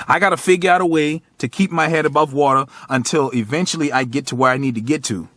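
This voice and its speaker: A man's voice: a little high, fast talker, few pauses, fairly bright tone, no room sound. Thirties male vlogger, preachy and emotional pep talk to camera, swearing freely, dry recording. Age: 30s. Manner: raw, profane, preachy, speaks straight to the viewer. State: tearful, choked up. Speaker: motivational vlogger. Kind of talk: emotional motivational monologue to camera.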